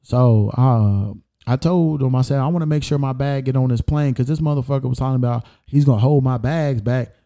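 A man casually telling an airport story, full of profanity and quoted back-and-forth, heated and animated. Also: mid-range voice, fairly quick, few pauses.

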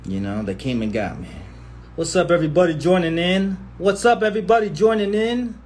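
Slangy, animated man on a livestream. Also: high-pitched, a little hiss or hum. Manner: animated, profane, slangy banter, reads comments aloud. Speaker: livestream host answering viewer comments. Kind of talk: casual livestream chat. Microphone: phone.

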